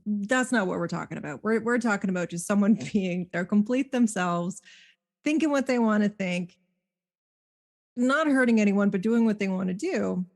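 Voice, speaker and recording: A woman co-hosting a podcast in casual chat, candid and quick to laugh, swearing now and then. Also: mid-range voice, lively intonation. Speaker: podcast co-host.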